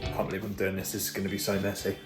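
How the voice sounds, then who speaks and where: A man hosting a cooking vlog, tasting his dish and gushing over it in an excitable, casual way. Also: low voice, rapid-fire, echoey room, over loud music. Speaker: cooking show host.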